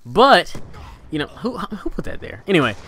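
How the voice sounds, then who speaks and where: A young man hosting a gaming channel, talking casually through tips, rambling with fillers and restarts, his pitch rising and falling for emphasis. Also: very animated, moderate pace, a bit bright, slight background noise. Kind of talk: casual instructional vlog talk.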